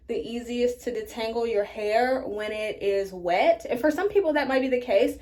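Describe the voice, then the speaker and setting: A woman's voice: on the high side, normal speed, a little mellow. A woman vlogger chatting casually through a hair care tutorial, talking straight to her viewers. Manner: chatty, addresses viewers as you guys. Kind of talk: casual tutorial talk to camera.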